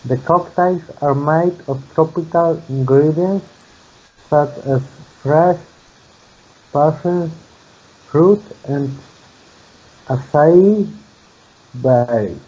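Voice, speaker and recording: A man from Poland with a Polish accent, an English student reading slowly and hesitantly in a video call lesson. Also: on the high side, warm tone, slightly rough, muffled recording. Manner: slow, hesitant, halting.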